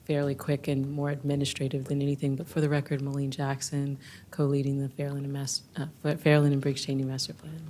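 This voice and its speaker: Low-voiced woman, hoarse and hurried. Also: monotone, mellow, slight background noise. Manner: hurried, apologetic, many ums. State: losing her voice. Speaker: planning staff presenter. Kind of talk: public meeting presentation.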